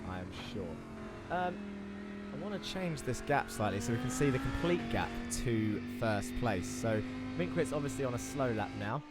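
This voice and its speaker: A man's voice: mid-range voice, lively intonation, normal speed, over loud music. A man commentating a sim racing broadcast in a chatty, enthusiastic way, talking viewers through the track turn by turn. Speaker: race commentator.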